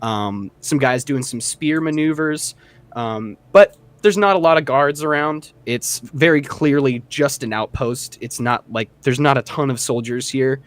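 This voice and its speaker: A young man running a tabletop game as dungeon master, narrating in a relaxed way with many fillers. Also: mid-range voice, measured pace, no echo.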